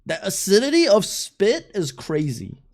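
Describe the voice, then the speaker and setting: A streamer reacts live in a loose, casual way, full of slang, swearing and bursts of laughter. The pitch swings widely from low mutters to high exclamations while the voice sits at a middle height. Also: wildly swooping pitch, unhurried, darkish tone.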